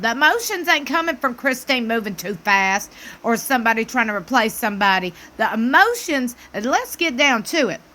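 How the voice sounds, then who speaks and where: A woman's voice: high-pitched, sharp tone. A woman, chatting animatedly and emphatically as she recaps a TV episode. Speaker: TV recap YouTuber. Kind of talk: casual chat recap.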